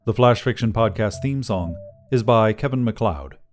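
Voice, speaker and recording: A man narrating a short fiction podcast in a measured, scripted way. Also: on the low side, soft background music.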